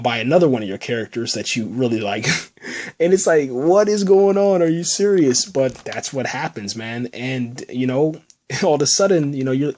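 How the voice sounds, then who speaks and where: A man hosting a podcast, recapping a TV episode in a loose, excitable way, tossing in "man" and "you know" all the time. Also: medium pitch, husky. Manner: rambling, says "man" and "you know" constantly; excitable, enthusiastic about the show. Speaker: podcast host reviewing a TV episode. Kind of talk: casual spoken recap.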